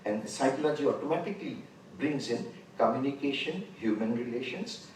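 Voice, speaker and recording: A man of about seventy with an Indian English accent, giving an unhurried conference lecture and pausing often to gather his thoughts. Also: mid-range voice, lively intonation, a little mellow. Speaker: conference speaker. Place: large conference hall. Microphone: distant room mic. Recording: very echoey hall, voice far from mic, faint noise.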